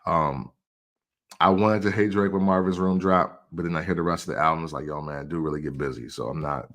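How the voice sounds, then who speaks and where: A man in his forties with a very low voice talks through his views in loose, casual commentary. He laughs often and slips into quick acted-out quotes as he goes. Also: steady tone, a bit bright. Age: 40s. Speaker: podcast host.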